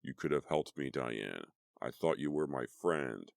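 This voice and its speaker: A man voicing the ghost of a teenage boy, bitter and vengeful, in a slow, dragging, raspy whisper. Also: extremely low pitch, expressive, no room sound, studio quality, exaggerated voice. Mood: accusing.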